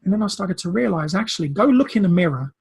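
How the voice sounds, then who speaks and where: A man's voice: high-pitched, lively intonation, fast, creaky, a little mellow, husky. A Brazilian-born man in recovery coaching, telling a personal story in an earnest, emotional way, often repeating words.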